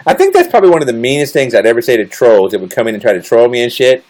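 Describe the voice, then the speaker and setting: A man live-streaming to his chat, trading crude, teasing jokes with viewers. His pitch swings widely and expressively as he talks. He sits at a middling pitch and keeps an easygoing, joking tone. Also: sing-song, racing, darkish tone. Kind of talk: casual livestream chat with viewers.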